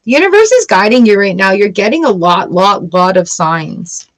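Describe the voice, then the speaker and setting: A woman's voice: mid-range voice, big pitch swings, moderate pace. A woman giving a casual live-stream tarot reading, chatty and blunt and swearing freely. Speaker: tarot reader.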